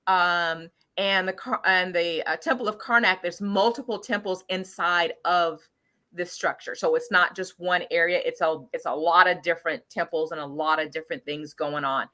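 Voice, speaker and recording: Middle-aged woman chatting to her viewers, bright voice, lots of ums and restarts. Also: lowish voice, steady tone, normal speed. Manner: rambling, with many fillers and restarts. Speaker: channel host sharing travel story. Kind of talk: casual storytelling to viewers.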